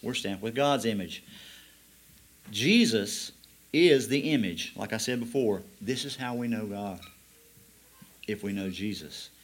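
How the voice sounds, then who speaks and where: Man preaching, slow emphatic scripture reading. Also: fairly low pitch, animated. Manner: reads scripture slowly, then explains with rising emphasis. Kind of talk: sermon.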